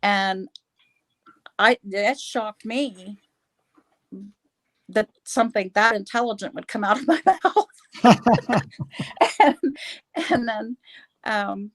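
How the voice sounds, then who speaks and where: A woman guest on a live video chat, telling a personal account in a halting way, laughing often and restarting her sentences. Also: medium pitch, no room sound.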